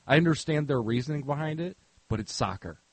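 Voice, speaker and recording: A blunt man co-hosts a podcast, swearing and joking freely. His voice is mid-pitched and husky. It is recorded dry and close to the mic. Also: animated, fast, darkish tone, no echo, rough recording. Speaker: podcast co-host. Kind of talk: casual crude podcast banter.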